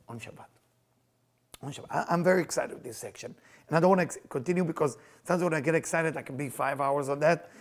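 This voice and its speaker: A man teaching Kabbalah in an animated lecture, emphatic and excitable in English. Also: fairly high pitch. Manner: excitable, emphatic, non-native English with Hebrew phrases.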